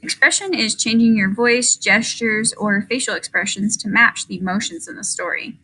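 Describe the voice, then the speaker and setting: A woman teaching a recorded third grade lesson on reading with expression, speaking clearly and deliberately and reading a passage aloud as a demonstration. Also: a little high, bright, forceful tone, poor audio.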